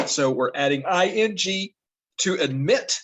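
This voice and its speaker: A man casually talking through a spelling lesson, relaxed and halting, with many fillers and restarts. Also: sits high, noisy background. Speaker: teacher going through a lesson video. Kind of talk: casual spoken commentary.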